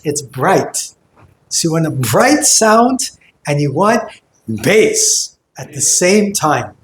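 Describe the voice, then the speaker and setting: A kirtan teacher leads a group vocal workshop, demonstrating sounds through sung vowels in a lecture with roomy hall echo. His fairly high voice is sing-song and slow, with slight background noise behind it.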